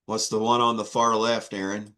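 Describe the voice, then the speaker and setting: A man's voice: lowish voice, little pitch movement, normal speed, pushed and bright. A man teaching an online Greek class, patient and repeating himself with many fillers. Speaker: Greek instructor.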